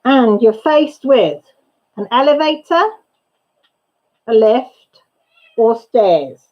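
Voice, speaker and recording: She takes it slowly, her voice on the high side and sing-song, though the recording is muffled. Hosting an informal crafting livestream at home, this woman chats and rambles, often breaking off in the middle of a thought.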